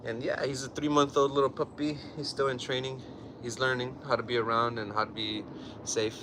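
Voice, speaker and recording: A Southern Californian man hosts a casual live-stream workout at home. He talks to viewers and scolds his puppy between sets. His voice sits at an ordinary pitch, and steady noise runs under the recording. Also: a little fast. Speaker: fitness livestream host. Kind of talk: casual live-stream chat while exercising.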